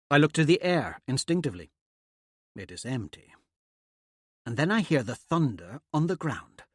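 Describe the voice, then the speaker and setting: A man narrating a fantasy audiobook in a steady, measured way. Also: medium pitch, dry recording, studio quality. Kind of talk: scripted narration.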